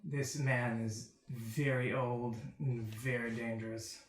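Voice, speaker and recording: A man voicing a wary goat companion who speaks quietly and gravely. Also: mid-range voice, little pitch movement, slow pace, a little hiss or hum, natural voice. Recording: roomy echo.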